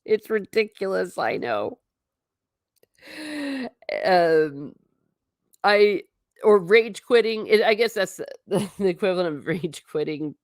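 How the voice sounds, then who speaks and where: A woman's voice: on the low side, lively intonation, slow pace, long pauses, dry recording, clean studio sound. A young adult woman hosting a casual livestream, rambling and chatting as she reacts to her viewers' comments. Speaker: livestream host reading chat.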